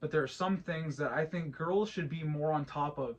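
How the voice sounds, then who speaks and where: A man's voice: fairly high pitch, normal speed. A man in his thirties co-hosting a casual podcast chat, rambling with lots of restarts and repeated words. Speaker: podcast co-host.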